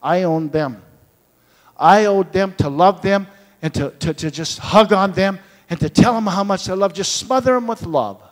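Speaking at a normal speed in a high voice, a man preaches through stories, voicing their dialogue himself and rising into fervent proclaiming. The recording carries a long hall reverb.

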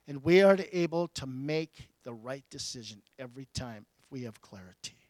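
A pastor preaching a storytelling sermon, his delivery swinging between loud bursts and hushed asides. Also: mid-range voice, expressive, normal speed, dry recording.

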